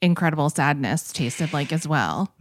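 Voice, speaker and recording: A woman's voice: sits low, lively intonation, moderate pace, dry recording, studio quality. A woman host chatting casually, earnest and reflective. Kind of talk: casual chat.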